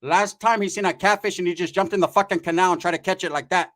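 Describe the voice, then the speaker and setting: A man's voice: high-pitched, steady tone, fast talker, fairly bright tone. A man voicing his older aunt as she nags him to look after his cousin. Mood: nagging. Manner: nagging, warning. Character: scolding protective older aunt, woman.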